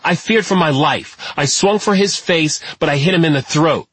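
A man voicing a defiant nine-year-old boy in an audiobook, with a husky, dry sound. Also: fairly high pitch, normal speed, fairly bright tone, no room sound, voice pushed up. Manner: cocky, defiant, rising to a yelp.

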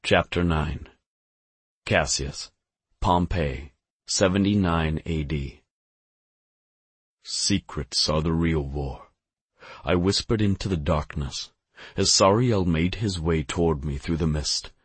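A man narrating an audiobook in the first person with a steady, grave delivery. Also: low voice, unhurried, breathy edge, dry recording.

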